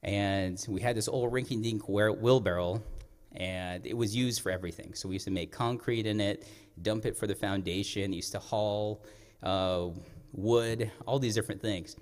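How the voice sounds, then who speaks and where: Lively man telling stories on stage. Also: lowish voice, moderate pace. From Navajo Nation. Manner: lively, animated, conversational with the audience. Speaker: storyteller. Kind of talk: live stage storytelling. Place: stage of a performing arts center. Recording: echoey performing arts hall.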